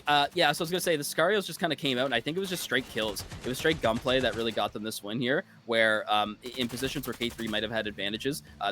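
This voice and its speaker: Bright-voiced stammering male esports caster. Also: medium pitch. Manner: stammering, repeats words at the start of sentences. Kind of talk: live esports commentary.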